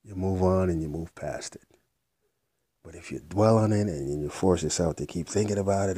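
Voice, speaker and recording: Low husky man giving blunt pep talk. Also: moderate pace, dark tone, no echo, clean studio sound. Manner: blunt, rambling, repeats himself, swears casually. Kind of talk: unscripted motivational monologue.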